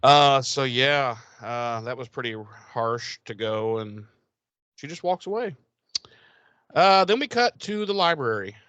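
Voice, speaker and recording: A man in mid-pitched voice chats casually on a podcast, swearing freely and getting animated. The sound is dry and close, with no room in it. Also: a little slow, clear, resonant tone, no room sound. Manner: swearing, animated, quotes characters in put-on voices. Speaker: podcast co-host. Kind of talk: casual chat recapping a TV episode.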